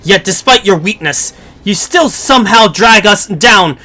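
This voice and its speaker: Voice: animated, pushed and bright, faint music behind. A streamer doing a haughty human-hating god. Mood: contemptuous. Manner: haughty, booming, drawn-out proclamations. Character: arrogant male god who despises humans. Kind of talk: reading a game script aloud on stream.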